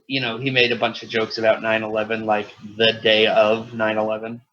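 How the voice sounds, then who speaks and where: A podcast co-host swaps stories in casual chat, swearing and laughing a lot. His fairly low voice is monotone, a little fast, and pushed and bright, recorded with dull lo-fi sound.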